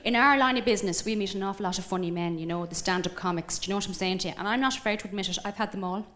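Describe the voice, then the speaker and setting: Woman, brash deadpan comic patter, mid pitch, echoey stage sound. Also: very fast, slight background noise. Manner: brash, boastful, deadpan asides. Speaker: comedy singer on stage.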